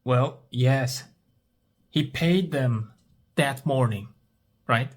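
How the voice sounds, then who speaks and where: Slow, patient male English teacher. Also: medium pitch. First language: Turkish. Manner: patient, repeats each question, asks and answers himself. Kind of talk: story-based English speaking practice.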